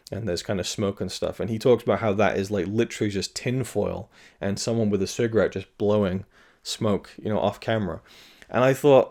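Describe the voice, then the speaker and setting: Guy rambling about movies, lowish voice, lots of ums and likes. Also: darkish tone. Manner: rambling, lots of fillers and restarts. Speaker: film podcast host. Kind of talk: casual solo commentary.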